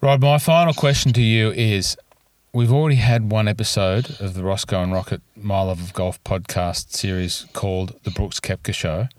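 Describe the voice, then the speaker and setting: A man's voice: on the low side, steady tone, normal speed, dry recording. A man with an Australian accent co-hosting a casual golf podcast in easygoing banter. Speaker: podcast co-host.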